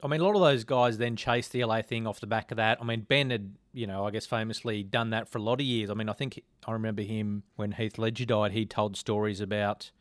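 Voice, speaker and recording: Interviewer dude, lowish voice, relaxed, dry close mic. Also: male voice, quick pace, few pauses, no room sound. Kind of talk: casual interview questions.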